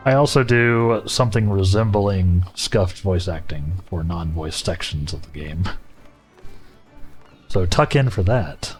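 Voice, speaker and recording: A man's voice: deep voice, measured pace. A man with a Southern US accent, chatting casually and rambling as a livestreamer while playing a game. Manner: rambling, self-correcting, chuckling. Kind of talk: casual gaming livestream chat. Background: faint game music.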